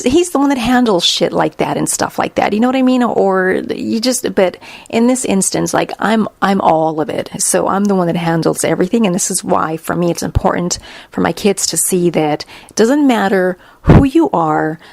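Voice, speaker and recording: Blunt, gravelly-voiced woman telling a story. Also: on the low side, no echo. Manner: blunt and profane, quotes herself and others in lively bursts. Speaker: podcast host. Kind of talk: casual storytelling monologue.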